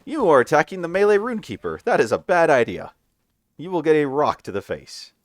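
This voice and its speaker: Cocky male game fighter, high mock-threatening taunts, as a man puts him on. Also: very animated, fairly quick, dry recording, studio quality. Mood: taunting.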